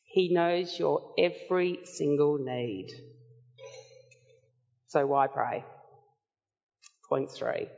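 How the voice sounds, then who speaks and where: Woman preacher, unhurried sermon delivery, earnest and measured, dull recording with long reverb. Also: sits low, creaky, a little mellow. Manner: earnest, measured Bible teaching.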